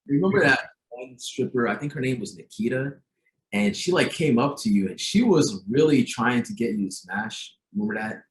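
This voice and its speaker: Lively young man in an echoey room. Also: medium pitch, slight background noise. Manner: chatty, joking, quick to tease. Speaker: podcast guest. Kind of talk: casual chat. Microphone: video call. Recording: echoey room on a video call.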